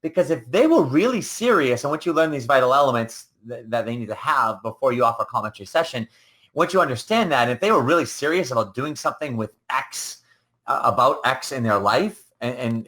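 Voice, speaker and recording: A man's voice: mid-range voice, expressive, fairly quick, sharp tone. A man hosting a solo coaching podcast, talking casually and rambling, often acting out the people he quotes. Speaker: business coach and podcast host.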